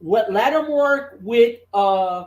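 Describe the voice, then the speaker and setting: A man co-hosting a wrestling talk show, excitable and rambling, with lots of restarts. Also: sits high, slow pace, reverberant. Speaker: wrestling podcast co-host. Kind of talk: casual chat.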